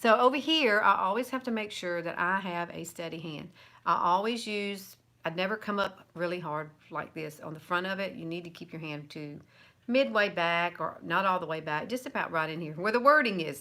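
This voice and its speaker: A woman's voice: medium pitch, bright, forceful tone. A woman over fifty from the American South, with a Southern accent, giving a chatty, encouraging live makeup tutorial. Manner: chatty and encouraging, with little laughs. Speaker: makeup vlogger.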